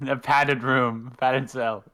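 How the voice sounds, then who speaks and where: A man's voice: mid-range voice, flat delivery, takes it slowly, bright, forceful tone. A man chiming in with jokey banter during a story reading. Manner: jokey interjections with laughter. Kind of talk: casual banter.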